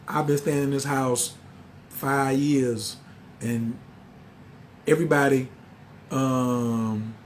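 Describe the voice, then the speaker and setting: A man, telling a story in a slangy, animated way. He acts out the other voices as he goes. A faint hiss sits under the recording. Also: a little high. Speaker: spiritual teacher. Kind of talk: casual storytelling monologue.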